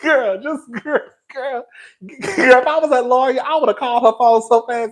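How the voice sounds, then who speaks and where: A man's voice: extremely high pitch, steady tone, moderate pace, poor audio. A man hosting a gossip livestream, who laughs often and stretches out his words. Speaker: livestream host. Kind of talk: gossip commentary.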